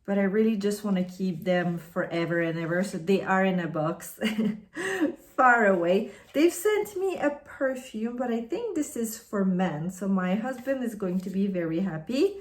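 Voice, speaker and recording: A woman's voice: mid-range voice, lively intonation, moderate pace, hardly any pauses. A woman from Canada whose first language is French, chatting in a friendly, rambling way as she unboxes and reviews products on her vlog. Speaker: beauty vlogger.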